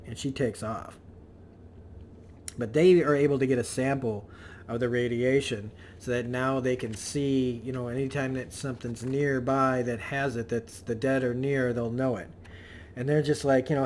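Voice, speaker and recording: A man's voice: mid-range voice, fairly even intonation, normal speed, a little mellow, a little hiss or hum. A man casually recapping a comic book issue, rambling loosely with many fillers and restarts.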